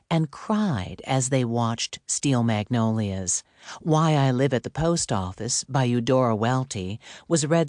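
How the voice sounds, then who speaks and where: A woman narrating a cozy mystery audiobook in a measured, deliberate reading. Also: rumbling low, darkish tone, no room sound, studio quality. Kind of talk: scripted narration.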